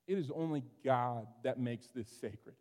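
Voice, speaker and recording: A man preaching a sermon as pastor, animated, swinging between loud exclamations and hushed asides. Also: mid-range voice, unhurried. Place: church sanctuary. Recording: long hall reverb.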